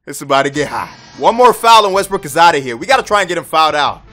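Hyped high-voiced male gamer. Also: fast talker, soft background music. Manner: hyped, animated, shouts at big plays. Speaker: gaming YouTuber. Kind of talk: excited live gameplay commentary.

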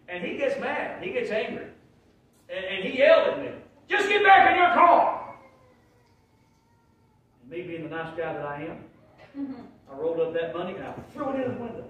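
Man, pastor preaching, folksy storyteller, quiet asides then shouts, high voice, far from the mic, very echoey church hall. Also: slight background noise. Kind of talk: sermon. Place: church sanctuary.

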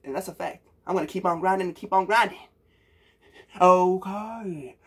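A man's voice: high-pitched, normal speed, breathy edge. A young man from Puerto Rico giving a hyped, slangy reaction to a song for his viewers, calling them bro. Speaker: music reaction youtuber. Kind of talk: casual music reaction talk.

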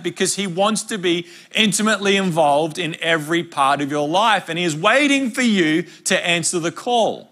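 A man's voice: fairly high pitch, pushed and bright. A young adult man with an Australian accent, preaching a conversational, humorous sermon at a men's conference. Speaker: pastor.

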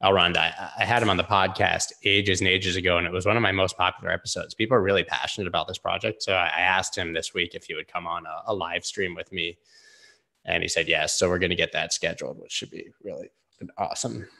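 Gravelly low-voiced man, casual and rambling. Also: fairly even intonation, quick pace, sharp tone. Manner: loose, rambling, peppered with "like" and swearing. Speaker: host. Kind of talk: casual live-stream chart analysis.

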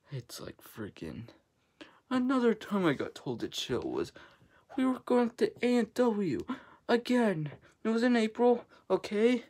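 A woman's voice: medium pitch, darkish tone. A young woman venting in a vlog, annoyed and ranting, with frequent swearing. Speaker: vlogger.

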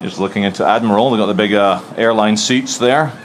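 A man's voice: fairly low pitch, brisk. A man filming a casual walking vlog outdoors, making dry sarcastic asides on a handheld camera. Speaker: vlogger. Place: outdoors on city streets. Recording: outdoor street noise. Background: street traffic noise.

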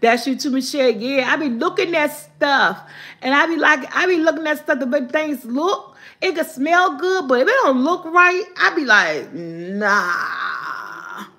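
A woman's voice: high voice, normal speed, pushed and bright. An older woman hosting a casual live vlog, chatting with viewers, reading their comments aloud and laughing often. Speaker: vlogger.

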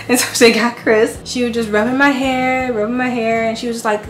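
A woman in her thirties chats through a personal story, animated and switching into the voices of the people she quotes. Her voice sits a little high. The recording is roomy and echoey with a faint hiss of noise behind her. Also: a little fast. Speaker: vlogger. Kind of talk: casual storytelling.

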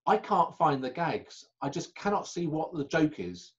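Brief: male guest spinning anecdotes, a little high-pitched, halting delivery, muffled call sound. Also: sing-song. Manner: chatty raconteur, halting and self-correcting. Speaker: magician guest. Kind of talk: anecdotal interview chat.

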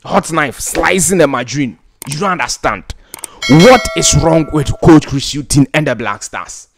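A Ghanaian man, a football pundit, rants in exasperation and repeats himself, laughing in disbelief now and then. His voice is on the high side, animated and gravelly, at a moderate pace.

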